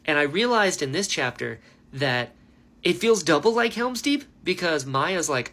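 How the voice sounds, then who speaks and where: A man's voice: fairly high pitch, unhurried. A man hosting a book reaction video, talking in a casual, chatty way and saying "like" and "dude" a lot. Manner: animated, chatty, heavy use of "like" and "dude".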